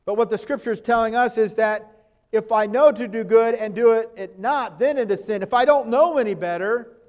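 A man with a notably high voice preaches a sermon. He talks plainly and conversationally, putting questions to his listeners and reading scripture passages aloud. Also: moderate pace, a little mellow. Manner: reads scripture verses aloud.

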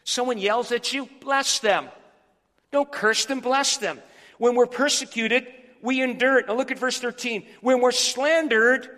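A male pastor with a high, bright, forceful voice preaches in a church sanctuary. He tells stories with animation and reads scripture, throwing questions to the congregation. A long hall reverb trails his words. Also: measured pace. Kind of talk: sermon.

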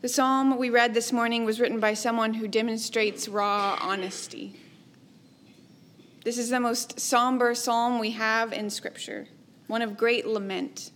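Preaching with a steady tone, this woman speaks slowly and deliberately in a voice pitched slightly high for a woman. Her reflective, measured sermon lets each ending trail gently away.

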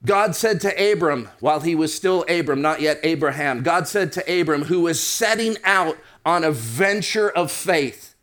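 A man with a high voice preaches a sermon. He reads scripture aloud, then slows down and lifts his voice to press a point home. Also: expressive, a bit bright. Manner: preaching, slowing down and rising for emphasis.

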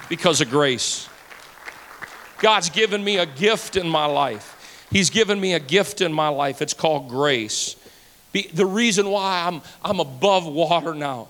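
A high-pitched man preaching from the pulpit of a church, his voice ringing with a long hall reverb. He repeats phrases emphatically, rising to loud declarations, then dropping to near-hushed asides. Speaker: pastor. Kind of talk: sermon. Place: church sanctuary.

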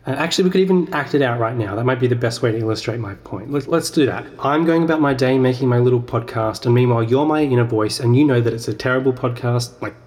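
A man's voice: mid-range voice, a little mellow. A man, hosting a podcast and rambling in a self-deprecating comic monologue as he argues with himself. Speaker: podcast host. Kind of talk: comedic sketch monologue.

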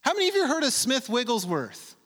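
A man delivers a sermon in a high, lively voice that swoops up and down. He leans hard on key words and draws them out slowly. His voice rings with the long reverb of a large hall. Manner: emphatic, stretches words slowly for emphasis. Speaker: preacher.

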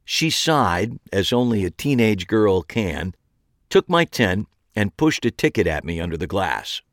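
A man's voice: lowish voice, very animated, unhurried, no echo. A man narrating a first-person story in a dry, wry way.

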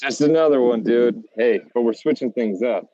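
A man's voice: mid-range voice, moderate pace, dark tone, no room sound, lo-fi sound. A young American man co-hosting a casual podcast, laid-back and saying "dude" a lot. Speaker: podcast co-host.

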